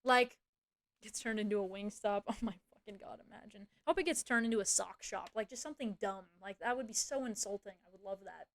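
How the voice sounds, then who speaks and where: A woman's voice: mid-range voice, brisk, fairly bright tone. A woman streamer venting in casual chat, ranting and swearing, with many fillers and restarts.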